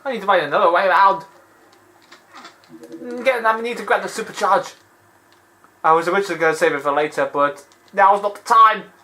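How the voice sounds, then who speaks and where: A man giving rambling, animated gaming commentary and laughing often. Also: sits high, a little fast, long pauses, slight background noise, low-quality recording. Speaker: let's play host.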